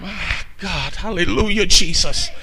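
An older man, a pastor, preaching a fiery sermon that swings from hushed asides to shouting. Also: high voice, unhurried, gravelly.

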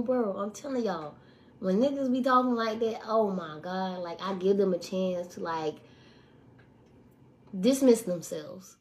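A woman's voice: lowish voice, a little mellow, slight background noise. A young woman ranting to her viewers in a profane, casual way, swearing hard and repeating lines for emphasis. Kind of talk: profane casual rant to camera.

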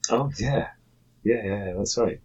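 A man's voice: lowish voice, unhurried, muffled recording, crowd noise. A man co-hosting a casual podcast from home, swearing, laughing and joking dryly. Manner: laughing, sweary, dry jokes. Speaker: podcast co-host. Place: home room in Japan.

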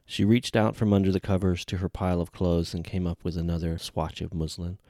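A man reading a novel aloud in measured, even audiobook narration. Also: sits low, no echo, clean studio sound.

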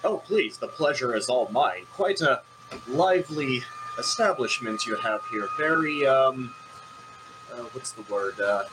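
A man's voice: medium pitch, lively intonation, unhurried, noisy background, close to an everyday voice. A man voicing a pompous, boastful male war veteran in a tabletop game, speaking grandly and formally.

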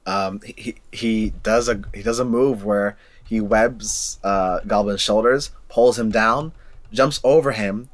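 A young man in casual chat, retelling film scenes in an animated way, with many fillers and repeated words. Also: fairly low pitch, measured pace. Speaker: movie discussion co-host.

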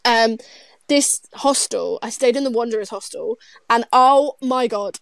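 Giggly high-voiced woman in her twenties. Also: a little slow, no echo. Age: 20s. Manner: giggly, rambling, lots of fillers and restarts. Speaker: guest, traveler. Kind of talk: casual chat.

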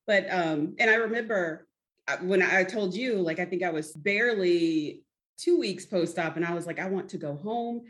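Woman, podcast co-host, relaxed casual anecdotes, slightly low voice. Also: normal speed. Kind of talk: casual chat.

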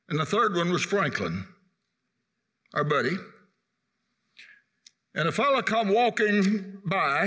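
A man's voice: sits high, pushed and bright. An older man, telling humorous stories in a church tribute, punctuated with amens. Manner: folksy anecdotes with amens. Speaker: guest speaker at a church anniversary. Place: church sanctuary. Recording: echoey church hall.

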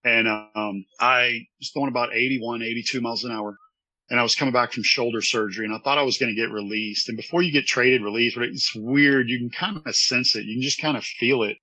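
A former baseball pitcher telling an earnest, rambling story from his office during an interview. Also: fairly even intonation, brisk, pushed and bright, breathy edge, low-quality recording.

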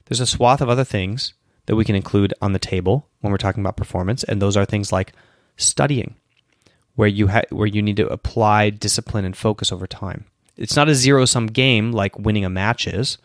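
Tired low-voiced man explaining. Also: no room sound, clean studio sound. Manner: explanatory, self-promoting, with restarts and asides. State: tired and yawning, sneezy. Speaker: podcast host answering questions. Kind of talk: casual solo Q&A talk.

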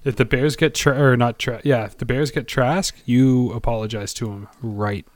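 A man's voice: mid-range voice, fairly even intonation, dry recording. A man co-hosting a casual sports podcast, rambling and hesitant, often poking fun at himself. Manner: rambling, halting, self-deprecating. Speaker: podcast co-host.

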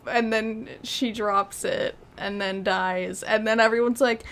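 Woman podcaster, slow easy talker, kinda high voice, wry and amused while recapping a movie. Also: fairly even intonation, fairly bright tone. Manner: unhurried, wry, amused disbelief. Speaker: podcast co-host. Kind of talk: casual movie recap chat.

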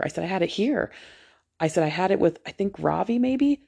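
A woman's voice: medium pitch, animated, fairly quick, vocal fry, mellow, husky. A woman of around forty who works as a nurse, telling a long personal story in a casual, candid and profane way, just out of anesthesia after a procedure.

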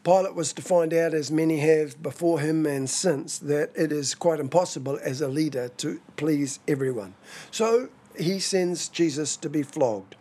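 A man preaching a sermon in a measured, expository way. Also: fairly high pitch, dark tone, husky. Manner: measured, expository, dramatizes quoted scripture.

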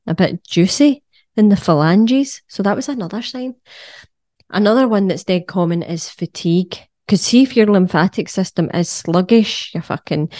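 Lass doing a wellness podcast, swears a lot, jokey, lowish mellow voice. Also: female voice, no room sound, clean studio sound. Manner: sweary, jokey, animated with sung asides. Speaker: podcast host, wellness coach. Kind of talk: casual solo podcast talk.

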